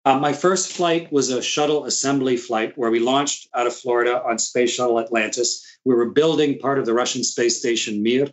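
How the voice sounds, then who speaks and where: An older man being interviewed, telling relaxed anecdotes and chuckling as he goes. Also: medium pitch, normal speed, hardly any pauses, poor audio.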